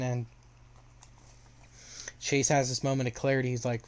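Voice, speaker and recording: Young guy rambling through a story recap, flat voice, lots of ums and restarts. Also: medium pitch, moderate pace, long pauses. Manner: rambling, filler-heavy retelling with restarts.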